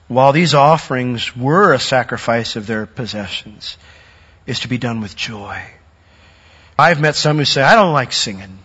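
A man preaching a sermon, earnest, growing louder and higher when he acts out a worshipper's doubts. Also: animated, normal speed, husky. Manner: earnest, rising in pitch and force when acting out a doubting worshipper's words. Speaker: pastor. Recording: dull sound with long hall reverb.

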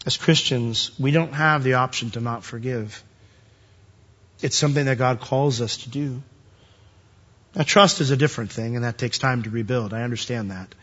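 A man preaching a sermon, telling the story with animated asides and acting out the characters. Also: mid-range voice, normal speed. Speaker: pastor. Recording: dull lo-fi sound.

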